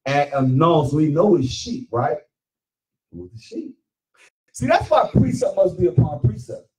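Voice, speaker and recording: A man teaching scripture in call-and-response, pressing his listeners with repeated questions. His pitch swings widely as he drives each point home. He is picked up from across the room. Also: sing-song, measured pace, a little mellow, far from the mic, rough recording. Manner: emphatic, questioning, repeats phrases. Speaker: teacher leading Bible study.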